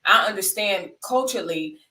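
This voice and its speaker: A woman's voice: medium pitch, animated, moderate pace, bright, forceful tone, far from the mic, a little hiss or hum. A woman from the United States hosting a live stream, commenting on the news and talking to her chat in an emphatic, conversational way that repeats points for stress. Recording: roomy sound, away from the mic.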